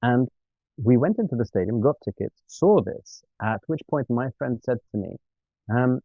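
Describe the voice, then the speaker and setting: A man, an interview guest, telling a funny travel story in a lively, self-mocking way and acting out the dialogue. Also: mid-range voice, moderate pace, husky, no room sound. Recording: dry, tinny phone-like sound.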